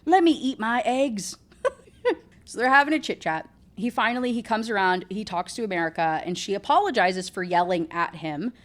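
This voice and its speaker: A woman's voice: mid-range voice, expressive, normal speed. Woman yapping about a book series, chatty and rambly, throws in sarcastic side comments. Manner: sarcastic asides. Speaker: book reviewer. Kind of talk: casual book recap chat.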